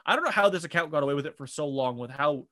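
A man's voice: fairly high pitch, animated, rapid-fire, a bit bright, no room sound, studio quality. A young man co-hosting a podcast, recapping online drama in a casual, rambling way with many fillers and restarts. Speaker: podcast co-host. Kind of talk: casual chat.

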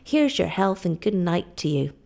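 A rough, hard-drinking sailor who talks bluntly and mocks whoever is in front of him, as a woman reading a storybook aloud puts him on. The voice is gravelly and low, with a mellow, dark tone. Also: big pitch swings, normal speed. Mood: boastful. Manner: blunt, loud and mocking.

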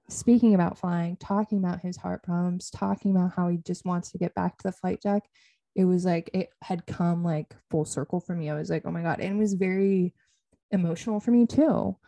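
A woman's voice: fairly low pitch, fairly even intonation, moderate pace, warm tone, dry recording. A young adult woman co-hosting a podcast, speaking heartfelt and gushing in casual chat, full of "like" fillers. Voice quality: heartfelt, lots of "like" fillers, vocal fry. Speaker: podcast co-host.

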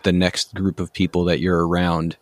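A young man hosts a podcast in an earnest, reflective way and stresses his points firmly. His voice is very low and stays fairly level, and it is recorded dry and close to the mic. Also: flat delivery, moderate pace, no room sound. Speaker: podcast host. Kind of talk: conversational interview.

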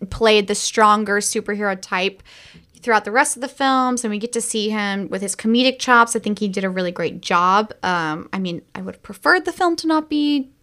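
A woman's voice: medium pitch, normal speed, a bit bright. A woman co-hosting a casual podcast, reviewing a movie with enthusiasm, laughing and swearing freely. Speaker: podcast co-host. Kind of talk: casual film review chat.

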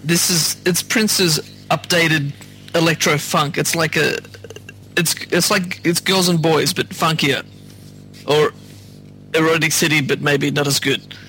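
Enthusiastic male co-host, higher-pitched bright voice, laughs a lot. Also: steady tone, a little slow, faint music behind, poor audio. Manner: giggly and enthusiastic. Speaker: podcast co-host. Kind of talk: casual music review chat.

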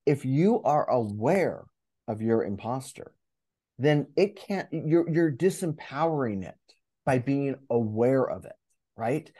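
A man who coaches and speaks in public, telling a story as an interview guest, animated and acting out his inner voice, with many restarts. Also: mid-range voice, slow pace. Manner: animated, acts out inner dialogue.

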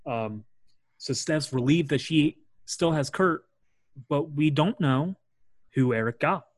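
A man's voice: fairly high pitch, slow, no echo. A young man hosting a casual chat, rambling with lots of fillers and acting out quotes. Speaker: podcast host. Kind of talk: casual chat recapping wrestling.

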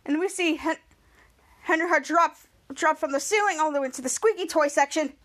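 A woman's voice: sits high, fairly quick, fairly bright tone. A woman podcast host casually retelling a TV episode scene by scene, rambling and restarting often.

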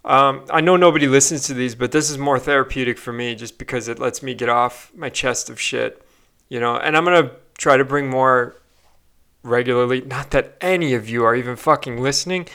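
A man's voice: medium pitch, fairly quick, fairly bright tone, clear, resonant tone. A young man ranting on a solo podcast, swearing often and stumbling through fillers and restarts. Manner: profane, frustrated ranting with frequent fillers and restarts. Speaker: podcast host.

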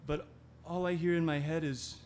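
A man's voice: fairly high pitch, level tone, normal speed, a little mellow, slight background noise, close to an everyday voice. An actor playing an anxious man, speaking an inner monologue that turns brooding and angry. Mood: tender. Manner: brooding, bursts into anger. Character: anxious man whose partner is ill. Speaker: Ben's partner. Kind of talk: audio drama acting, inner monologue.

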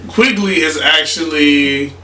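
A man's voice: fairly high pitch, slow, roomy sound, noisy background. A man co-hosting a casual podcast, chiming in with quips and emphatic reactions. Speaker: podcast co-host. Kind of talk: casual chat.

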